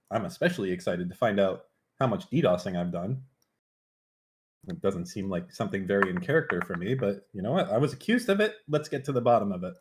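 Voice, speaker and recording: A man streaming live, chatting casually in a brash, profane, mock-threatening way. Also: fairly low pitch.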